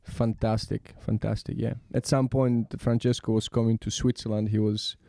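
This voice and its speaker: This is a man with a gravelly, mellow voice, speaking English as a second language. He talks in an animated, chatty way about his years as a dancer. The sound is close and dry, with no room echo. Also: on the low side, normal speed. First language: not English. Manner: animated, chatty, repeats "yeah, yeah, yeah". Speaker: ballroom dancer. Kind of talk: casual podcast conversation.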